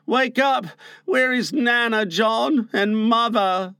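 A small, tired boy calling out in a plaintive, pleading way, as a male narrator puts him on. His voice is pitched high and swings widely, close and dry. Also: sing-song, a little slow, a bit bright, dry recording, heavily acted. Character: Michael, a small sleepy, anxious boy. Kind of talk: storybook reading.

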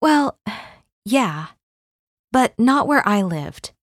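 A woman's voice: a little high, very animated, very slow, no room sound, pitched above the performer's own voice, heavily acted. A woman reading an audiobook and voicing a bookish young newcomer who answers in a dry, slightly exasperated way. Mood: wry.

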